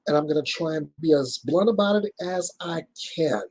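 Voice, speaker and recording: A male news host with a husky, somewhat high voice who talks bluntly and emphatically. He reads crime reports and comments without softening anything. His delivery is deliberate.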